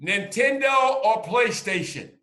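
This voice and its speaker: A man hosting a casual video-call interview, teasing his guest with drawn-out either-or questions in an excitable manner. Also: high voice, echoey room. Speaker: channel host.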